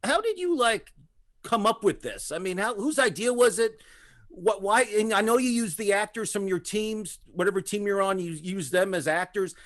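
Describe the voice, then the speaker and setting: A man's voice: sits high, lively intonation, normal speed, a bit bright, dry recording, clean studio sound. A man co-hosting an interview, talking in an emphatic, enthusiastic way. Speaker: co-host. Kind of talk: casual interview chat.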